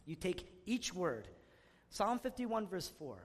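A man preaching a sermon, swinging between loud emphatic passages and hushed, intimate ones. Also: sits high, sing-song, slow. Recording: long hall reverb.

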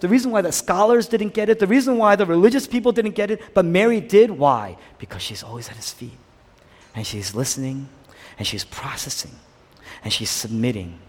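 A male pastor preaching a sermon, repeating phrases for emphasis and dropping to a hushed near-whisper at times. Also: fairly high pitch. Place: church hall. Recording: long reverb of a large hall.

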